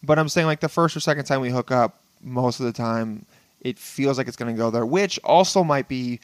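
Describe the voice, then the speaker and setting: A man's voice: medium pitch, a little fast, dry recording. Loose, profane young man guest. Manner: loose, profane, self-mocking, laughing. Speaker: podcast guest. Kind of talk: casual podcast chat.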